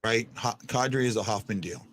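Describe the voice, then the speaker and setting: A man's voice: on the low side, brisk, fairly bright tone, no room sound, clean studio sound. A man hosting a fan podcast, chatting casually and rambling with lots of restarts and fillers. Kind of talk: casual live-stream chat.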